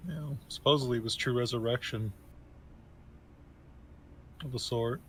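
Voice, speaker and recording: A man playing a tabletop game, talking casually in halting bursts with many fillers. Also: medium pitch, fairly even intonation, slight background noise, low-quality recording. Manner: halting, lots of fillers and restarts. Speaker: player.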